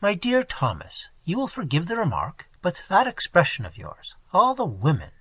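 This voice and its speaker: A prim, faintly disapproving English wife, as a male reader puts her on. Her voice sits high and bright, with a husky edge. She speaks with careful, genteel propriety. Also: huge pitch swings, normal speed, dry recording, exaggerated voice. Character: prim, proper middle-aged English wife.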